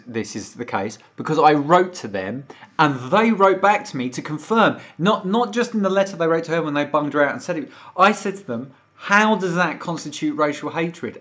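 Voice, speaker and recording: Ranting and cursing on a relaxed livestream, a British man gets more and more wound up. His voice runs on the high side with a fairly bright tone, coming through dull, lo-fi stream audio.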